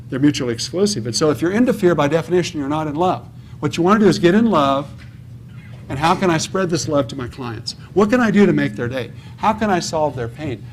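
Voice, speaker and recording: A man's voice: on the high side, a little hiss or hum. A man speaking at a real estate conference in a preachy seminar manner, asking the audience questions, answering them himself and often checking with "okay?". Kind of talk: motivational seminar talk. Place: conference hall.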